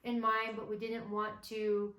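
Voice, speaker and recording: Young woman vlogger, casual storyteller, pitched slightly high, echoey room sound. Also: measured pace. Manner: relaxed and chatty, with many fillers. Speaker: vlogger co-host. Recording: roomy echo.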